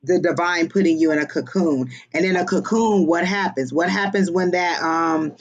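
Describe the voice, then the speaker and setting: A woman's voice: lowish voice, normal speed, highs cut off. A woman giving a tarot and psychic reading on a livestream, speaking in an earnest, reassuring way. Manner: earnest, reassuring, repetitive affirmations.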